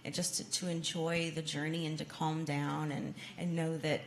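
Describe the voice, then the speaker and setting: A woman's voice: low-pitched, level tone, normal speed, vocal fry, a little hiss or hum. A young woman, a ballet dancer, answering audience questions earnestly, with fillers and restarts. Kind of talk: audience Q&A talk. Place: museum event space with an audience.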